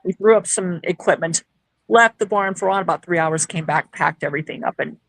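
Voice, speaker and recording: Woman paranormal investigator, lively storyteller, gravelly voice, dry close sound. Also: on the low side, fairly quick, dry recording, poor audio. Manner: lively, acts out quoted dialogue. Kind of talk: casual storytelling.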